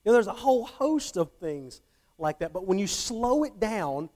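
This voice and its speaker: A middle-aged man's high, slightly mellow voice swings widely in pitch at a normal speed as he gives a conversational Bible talk. He frequently checks on his audience, and restarting phrases leads him to repeat words.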